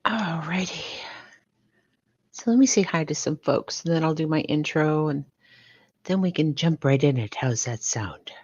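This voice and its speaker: A woman's voice: low-pitched, normal speed, long pauses, darkish tone, dry recording. An older woman hosting a livestream, greeting viewers one by one and calling them sweetheart and baby. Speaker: livestream host. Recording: dull lo-fi sound.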